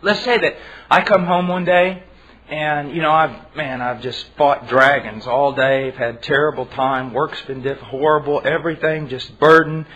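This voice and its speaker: A man preaches with earnest emphasis, sometimes stumbling over his restarts. His voice is husky and fairly high. The recording sounds dull and lo-fi. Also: fairly even intonation, normal speed, fairly bright tone. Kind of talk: sermon.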